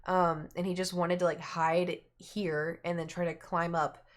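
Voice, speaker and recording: A woman's voice: little pitch movement, a little slow. A woman streamer chatting casually, rambling through a long story and acting out the people in it. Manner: chatty, rambling, acts out quoted people with raised pitch.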